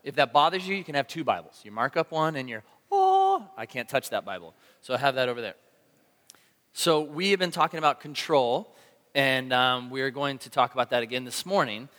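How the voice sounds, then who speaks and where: Animated pastor in a reverberant hall. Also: male voice, mid-range voice, fairly quick. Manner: animated storytelling, acting out his own shouts. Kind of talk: sermon.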